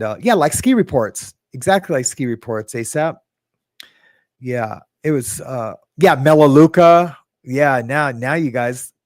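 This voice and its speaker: A man's voice: a little high, darkish tone, no room sound, studio quality. A man hosting a casual livestream, rambling and correcting himself as he chats with viewers and swearing now and then. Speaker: livestream host.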